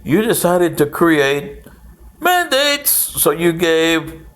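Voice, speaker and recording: A man's voice: on the high side, very animated, extremely slow, fairly bright tone. A man, older, giving a rambling history monologue with sarcastic, mocking asides.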